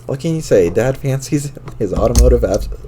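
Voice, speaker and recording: A man's voice: medium pitch, expressive, normal speed, dark tone, slight background noise. A man reading a webcomic aloud on a stream, in a wry, amused way with his own asides. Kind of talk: casual read-aloud narration.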